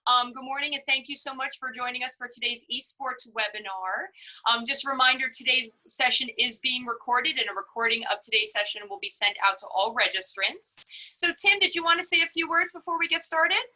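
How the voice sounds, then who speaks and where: A woman moderating a webinar over a video call, brisk and businesslike. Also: sits high, bright, forceful tone, rough recording.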